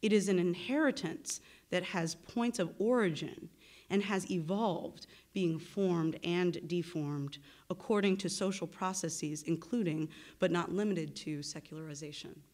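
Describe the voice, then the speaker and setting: A woman lecturing at a university, reading a formal academic paper in a measured way with occasional self-corrections. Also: lowish voice, darkish tone. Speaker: visiting lecturer and research associate. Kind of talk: academic lecture read from a prepared text.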